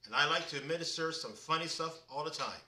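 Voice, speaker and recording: The mic sits at a distance and heavy background noise fills the echoey room as a drawling man runs a laid-back live-stream quiz. Speaking fast in a slightly high voice, he chats away while reading viewers' names, answers and comments aloud.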